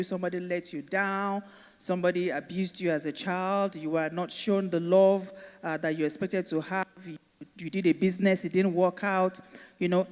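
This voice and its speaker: A woman teaches a faith-based empowerment class, hammering key phrases and throwing rhetorical questions at her listeners. Her voice sits at a middle pitch and rings with long hall reverb. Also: darkish tone. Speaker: motivational speaker and teacher.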